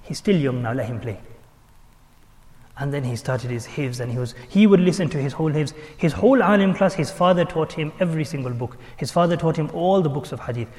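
A man giving a religious talk as a teacher, telling stories in an animated way and acting out the voices he quotes. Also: a little high, a little fast, in a large hall. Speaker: Islamic teacher. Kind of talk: sermon storytelling.

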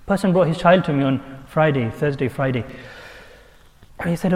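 Man, preacher; high-pitched, animated, rhetorical questions; recorded in a reverberant hall. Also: fast. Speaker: imam. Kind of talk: sermon.

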